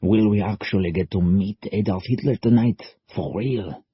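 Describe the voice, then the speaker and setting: Soldier read by a male narrator, low, raspy, clipped murmurs. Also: normal speed, dry recording, highs cut off. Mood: murmured. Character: accented male soldier under the villain.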